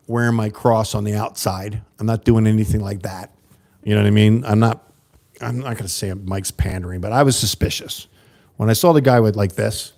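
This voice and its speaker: A man's voice: lowish voice, mellow. An American man hosting a livestream, rambling in a casual monologue to his viewers and reading their chat aloud. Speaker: livestream host.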